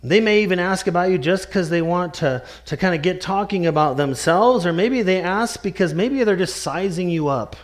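Man, pastor, sermon, earnest, emphatic, slightly high voice. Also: animated. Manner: earnest, emphatic, slows right down to stress key words.

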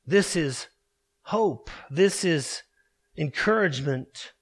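Male pastor, high and unhurried, emphatic sermon delivery. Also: animated, breathy edge. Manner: emphatic, measured preaching with slow stresses.

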